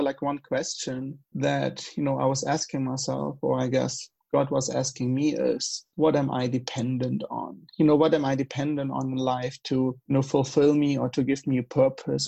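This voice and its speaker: A young man from Germany with a German accent, talking in a casual, halting and earnest way, with many fillers. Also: medium pitch, creaky, warm tone. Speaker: guest in conversation. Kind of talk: casual conversation.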